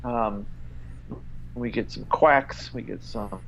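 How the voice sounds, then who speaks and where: A man co-hosting a casual podcast, reading an email aloud in an exasperated, halting way full of fillers and swearing. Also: fairly low pitch, gravelly, poor audio. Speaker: podcast co-host.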